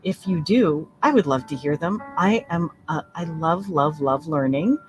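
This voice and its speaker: A woman leading a relaxed crochet-along tutorial, chatting and laughing, counting stitches aloud softly. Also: sits low, unhurried. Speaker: crochet teacher. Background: soft relaxing music.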